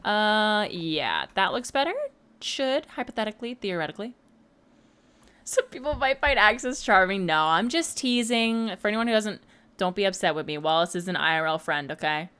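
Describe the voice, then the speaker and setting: A young woman in her mid-twenties talks loosely to her chat while she plays. Her voice sits at a middling pitch. She is chatty and fond of playful teasing. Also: lively intonation, normal speed, fairly bright tone, smooth. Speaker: livestreamer. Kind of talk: casual chat while gaming.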